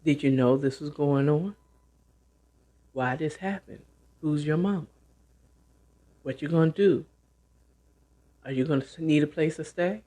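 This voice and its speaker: A woman voicing a nosy, pushy middle-aged mother-in-law who fires off questions in a lowered voice. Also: unhurried, long pauses, dark tone. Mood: interrogating.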